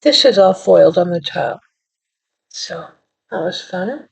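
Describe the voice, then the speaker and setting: With a fairly low, creaky voice that has a breathy edge, a woman shows off her work on her card-making channel. Her intonation is lively and her pace measured as she rambles, apologizes, and belittles her skill in casual chat, recorded in dull lo-fi sound.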